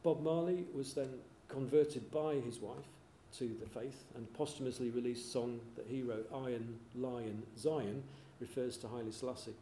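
A man's voice: mid-range voice, steady tone, normal speed, few pauses, warm tone. A man hosting a panel show, reading out facts and putting questions to the panel. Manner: reads facts, quizzes the panel. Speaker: host. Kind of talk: panel show trivia segment. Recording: echoey room with faint hiss.

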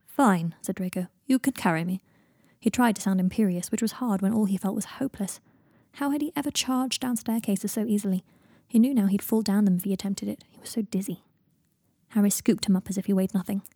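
A woman narrating a fan fiction audiobook in a quiet, steady reading voice. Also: mid-range voice, fast talker, gravelly, breathy edge, no echo, clean studio sound.

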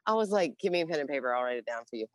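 Low-voiced profane woman telling war stories. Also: very fast, no room sound. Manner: profane, blunt, animated with quoted voices. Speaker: interview guest, Navy veteran. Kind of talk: casual storytelling.

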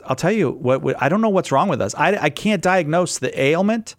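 A man's voice: fairly high pitch, brisk, no room sound, studio quality. A man hosting a call-in radio show, talking with energy and joking between calls. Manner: energetic, jokey, repeats phone number.

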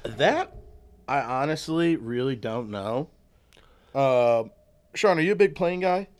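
A man at a mid-range pitch hosting a relaxed studio podcast. He chats in a joking, curious way, firing off questions and swearing offhandedly. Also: slow. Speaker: podcast host. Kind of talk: casual chat.

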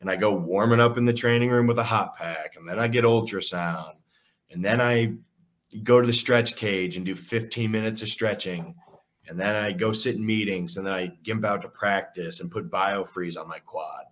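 A young man, a college football player, telling animated, profane stories with lots of fillers in a casual interview. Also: on the low side, normal speed. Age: young adult. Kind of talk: casual storytelling.

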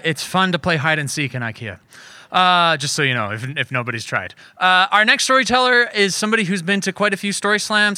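A man's voice: high voice, bright, forceful tone, smooth. A man hosting a story slam, introducing the next storyteller with a light joke. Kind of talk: event introduction.

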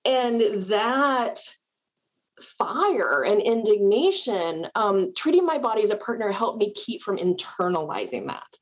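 A woman's voice: mid-range voice, unhurried, breathy edge, muffled recording. A middle-aged woman from the South, talking in a chatty, self-deprecating way at home. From American South. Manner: chatty, animated, self-deprecating with frequent laughs. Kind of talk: casual conversation.

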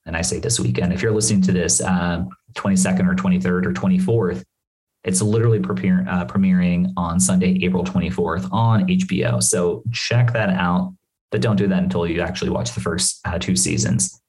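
A man casually recapping a TV episode on his podcast, rambling and animated, with asides and swearing. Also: low voice, a little fast, rough recording.

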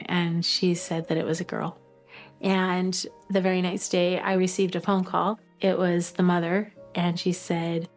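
A middle-aged woman sharing a personal adoption story in a documentary interview, halting with fillers and tearing up at moments. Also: fairly low pitch. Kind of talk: emotional personal testimony.

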